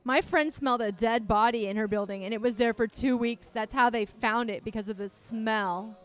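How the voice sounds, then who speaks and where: A woman's voice: on the high side, moderate pace, soft background music. A woman co-hosting a casual podcast in a bar, bubbly and teasing with her guests. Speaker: podcast co-host.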